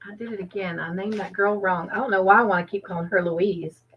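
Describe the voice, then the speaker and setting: A woman's voice: mid-range voice, fairly even intonation, fast talker, slightly rough. A woman hosting a casual live trivia stream from home, chatty and laughing often as she thanks viewers by name. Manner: chatty, laughs often, reads chat names aloud. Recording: dull lo-fi stream audio.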